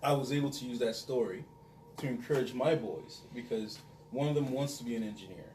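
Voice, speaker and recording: A father weighs in slowly and thoughtfully during a casual podcast chat, his voice mid-pitched. It sounds roomy and distant from the mic, with faint ambience behind. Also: a little mellow, a little hiss or hum. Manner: measured, reflective takes.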